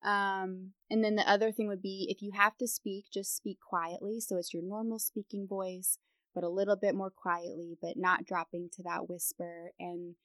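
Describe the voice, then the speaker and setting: A young woman speaking as a guest in a podcast interview, casual and giving advice, often laughing and dropping into vocal fry at the ends of sentences. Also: mid-range voice, level tone, moderate pace, a bit bright, dry recording. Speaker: guest voice expert.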